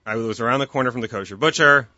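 A bright-toned man in his thirties speaks earnestly and at length as a guest, often restarting his sentences. The sound is dry and slightly dull, like a lo-fi podcast. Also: medium pitch, very fast, dry recording. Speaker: guest, kosher meat company founder. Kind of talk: casual interview chat.

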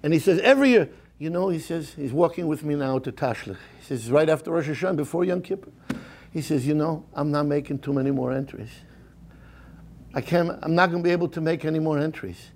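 Speaking fairly quickly in a voice on the high side, a middle-aged rabbi narrates a story in his synagogue sermon. His delivery swings from hushed to fervent, laced with Yiddish and Hebrew expressions.

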